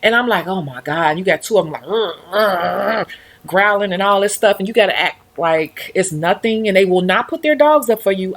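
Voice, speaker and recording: A woman who does nails, chatting casually on a livestream and acting out other people's voices as she tells stories. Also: medium pitch. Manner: animated storyteller who acts out others' voices. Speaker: nail technician and livestream host.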